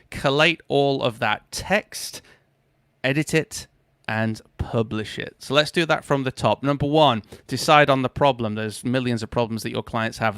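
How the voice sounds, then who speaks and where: A man's voice: medium pitch, a bit bright, clean tone, no echo, studio quality. A man hosting a live stream, talking casually and upbeat, often correcting himself as he goes. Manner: chatty, self-correcting, upbeat.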